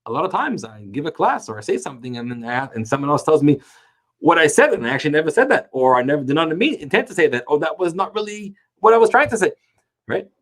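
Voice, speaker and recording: Animated man teaching Talmud. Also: fairly high pitch. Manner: animated, emphatic, stretches key words slowly. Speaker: Torah teacher. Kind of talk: Talmud class with storytelling.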